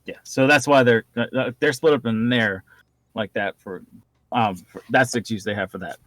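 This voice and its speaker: Jokey man co-host, laughs a lot, halting fillers, dry close mic. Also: mid-range voice, fairly even intonation, fairly bright tone, no room sound. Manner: jokey, laughs often, hesitant with many fillers. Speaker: podcast co-host. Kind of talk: casual recap chat.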